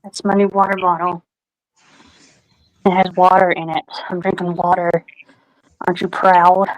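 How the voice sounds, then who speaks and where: A woman's voice: lowish voice, little pitch movement, moderate pace, no room sound, muffled recording. A woman hosting a casual livestream chat, playful and stubborn, greeting viewers by name. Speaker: livestream host.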